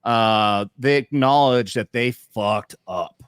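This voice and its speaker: A man in his thirties, an army veteran, hosts a loose chat show and swears freely, cracking jokes and laughing at his own stories. His voice sits at an average pitch for a man. He is recorded close and dry, with no room sound. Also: slow, clear, resonant tone, no room sound. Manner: crude, joking, laughs often. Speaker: podcast host, veteran. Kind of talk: casual profane chat.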